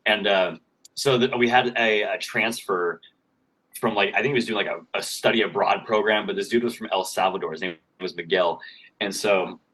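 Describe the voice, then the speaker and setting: A man's voice: lowish voice, fairly bright tone, poor audio. Rambling, profane male podcast host. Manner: rambling, profane, lots of fillers. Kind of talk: casual storytelling chat. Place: worked in Vegas.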